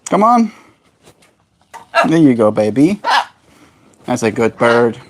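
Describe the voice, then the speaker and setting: A man's voice: mid-range voice, a little slow, a little hiss or hum. A man live-streaming in casual chat, cooing in a baby voice to his pet bird and answering viewer comments.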